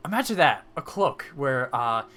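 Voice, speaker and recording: A man's voice: medium pitch, big pitch swings, moderate pace, sharp tone. A man voicing a chatty, curious male merchant tailor in a tabletop game, who rambles and muses aloud. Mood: musing.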